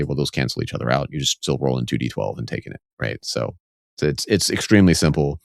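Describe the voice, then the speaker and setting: A man's voice: very deep voice, smooth, no echo, studio quality. A man co-hosting a casual podcast, explaining game rules step by step with enthusiasm. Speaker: podcast co-host.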